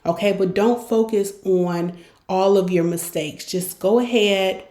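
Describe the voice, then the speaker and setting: A woman with a mellow, mid-range voice speaks a little slowly as a podcast host and consultant. In her coaching monologue she addresses listeners directly and encouragingly, acting out examples, in a room with an echoey sound.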